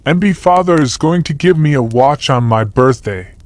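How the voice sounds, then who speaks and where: A man doing a mischievous little schoolboy, lifted to a boyish height and chattering on, his bright cheeky patter dry and close with no room around it, the way an audiobook reader puts on a child. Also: fairly high pitch, animated, moderate pace, no echo, pitched above the performer's own voice, close to an everyday voice. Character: cheeky young schoolboy reading his letter. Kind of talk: audiobook character voice.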